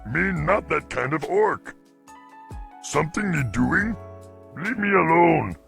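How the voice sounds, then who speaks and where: Gravelly grumpy orc grunt. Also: male voice, fairly high pitch, animated, takes it slowly, fairly bright tone, soft background music, full character voice. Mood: grumbling. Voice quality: gravelly, broken grammar. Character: gruff male orc worker, grumpy and sarcastic. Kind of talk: video game unit voice lines.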